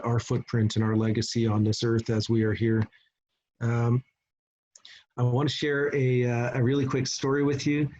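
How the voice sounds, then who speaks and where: Unhurried middle-aged man telling a story. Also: medium pitch, mellow, dull audio. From Canada. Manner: unhurried, with frequent pauses and restarts. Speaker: Indigenous chief and conference speaker. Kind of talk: storytelling presentation. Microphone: video call.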